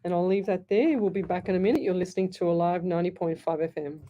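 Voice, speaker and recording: A woman with an Australian accent hosting a live psychic call-in radio show, chatty and quick to laugh. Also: on the low side, muffled recording, a little hiss or hum. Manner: chatty, laughs easily, reads messages aloud. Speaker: psychic medium radio host. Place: radio studio.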